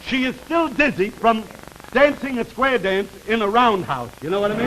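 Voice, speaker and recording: A man's voice: sits high, expressive, normal speed. Rambling comic man in a noisy old broadcast. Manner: rambling, self-interrupting, laughing at his own story. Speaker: comedian doing a sponsored pitch. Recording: noisy vintage 1940s broadcast recording.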